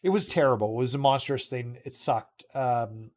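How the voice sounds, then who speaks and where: A medium-pitched, darkish-toned male voice at normal speed belongs to a man streaming a video game. He chats casually and earnestly with viewers, rambling with heartfelt sincerity through many fillers and self-corrections.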